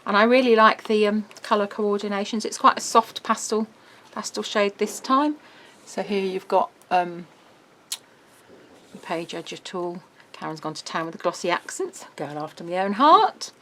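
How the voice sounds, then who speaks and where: A woman's voice: medium pitch, expressive, a bit bright, a little hiss or hum. A middle-aged woman, presenting a craft album in a casual, bubbly walkthrough. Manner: chatty, bubbly, quick laughs.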